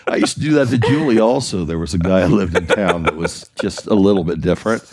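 A man's voice: low voice, fast talker, darkish tone, breathy edge, dry recording. An older man telling family stories in a casual, teasing way with frequent chuckles. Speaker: guest, father of the host. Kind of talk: casual storytelling. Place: studio.

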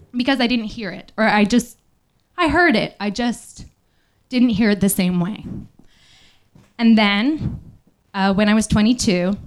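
A woman telling a personal story on stage at a small live venue, speaking candidly and haltingly, with many fillers, into a stage microphone. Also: medium pitch, darkish tone, clear, resonant tone.

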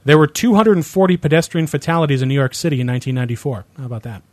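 A man's voice: on the high side, rapid-fire, a little mellow, dry recording. A man from Ohio co-hosting a casual chat show, reading would-you-rather questions aloud and answering mildly with some stammering. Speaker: podcast co-host.

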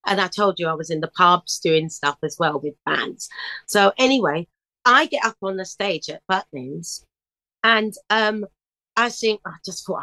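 A middle-aged woman telling stories in a casual interview, lively, breaking into bits of song. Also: fairly low pitch, unhurried, no echo, rough recording. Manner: animated storyteller, bursts into snatches of song. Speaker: guest singer.

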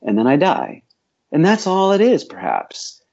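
A man's voice: a little high, wildly swooping pitch, a little slow, gravelly, mellow, dull audio. A man working as a voice coach and acting teacher, speaking in a podcast interview in a reflective, opinionated way, thinking aloud with frequent restarts.

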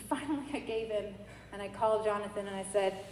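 Lively woman telling her faith story. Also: a little high, quick pace. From New York. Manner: lively storytelling, acting out quoted dialogue. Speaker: church member giving testimony. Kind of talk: personal faith testimony. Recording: echoey hall with faint noise.

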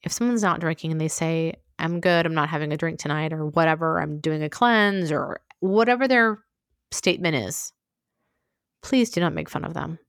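A woman's voice: low voice, normal speed, gravelly, no echo. A woman hosting her own podcast, talking frankly and conversationally, full of asides, into a close mic. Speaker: podcast host. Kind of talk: candid solo podcast monologue.

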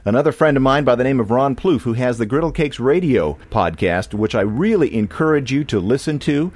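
A man's voice: medium pitch, lively intonation, a little fast, darkish tone, dry recording. A man from California hosting a podcast in a casual, rambling monologue with many restarts. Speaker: podcast host.

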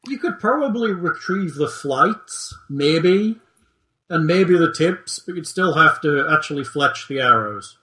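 Man, game master, tabletop session, dry humor, fairly high voice, bright tone. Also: expressive, unhurried, reverberant. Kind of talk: running a tabletop game, reading boxed text.

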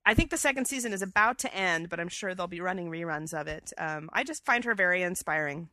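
Bright, chatty woman co-host. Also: fairly low pitch, animated, fast, no room sound. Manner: chatty and enthusiastic, full of fillers. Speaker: podcast co-host. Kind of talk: casual chat.

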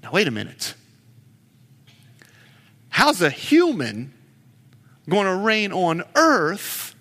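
Man, middle-aged, pastor, sermon, high voice, loud emphasis and hushed asides. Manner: animated preaching, shifting between loud emphasis and hushed asides. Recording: long hall reverb.

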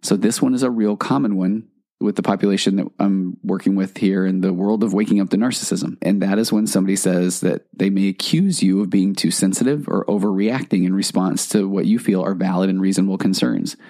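A man's voice: low voice, a little fast, mellow. A man hosting a solo podcast, explaining in a conversational way and acting out examples from his clients. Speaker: podcast host and counselor.

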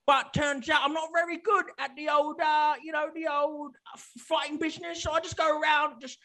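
A washed-up adventurer, played by a man, rambles along in a very high, squeaky voice. He is boozy and easygoing and always angling for another healing potion. He is a character in a tabletop role-playing game. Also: little pitch movement, moderate pace, pushed and bright, heavily acted. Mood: rambling.

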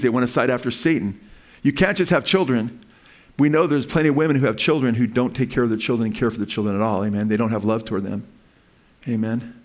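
A man preaching a sermon as pastor, talking in a casual, conversational way and often checking in with "amen?". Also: medium pitch. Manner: conversational, tags lines with "amen?".

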